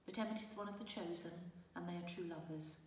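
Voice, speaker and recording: A woman voicing a troubled, kindly male fairy lord who speaks gently and earnestly, recorded far off in a reverberant room. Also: lowish voice, steady tone, brisk, a little hiss or hum, close to an everyday voice. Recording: roomy distant reverberant recording.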